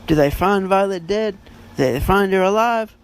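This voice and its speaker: A man's voice: sits high, moderate pace, smooth. A man hosting a podcast, giving a casual book review in a rambling way, full of fillers and self-corrections. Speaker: podcast host.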